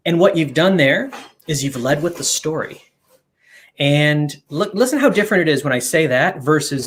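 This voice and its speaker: A man's voice: a little high, lively intonation, normal speed, fairly bright tone. A man guesting on a live stream, earnestly explaining ideas and listing them in long runs. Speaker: guest, company co-founder.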